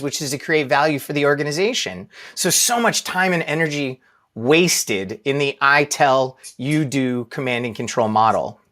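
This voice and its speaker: A man's voice: mid-range voice, sharp tone. Casual man giving a talk. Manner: casual, self-deprecating storytelling with audience questions. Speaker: leadership speaker. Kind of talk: live talk to an audience.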